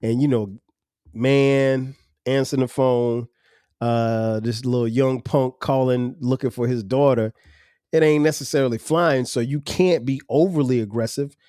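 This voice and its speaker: This is a man in his forties hosting a podcast and talking in a relaxed, storytelling way. He uses slang, laughs often and stops on "um" between thoughts. His voice sits at a middle pitch and sounds close and dry, with no room echo. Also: unhurried. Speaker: podcast host. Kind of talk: casual storytelling monologue.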